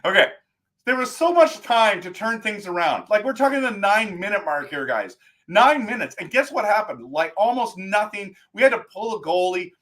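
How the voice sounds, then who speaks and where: High-pitched man, livestream host, fan rant, exasperated and animated. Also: moderate pace. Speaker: live stream host. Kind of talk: post-game fan talk.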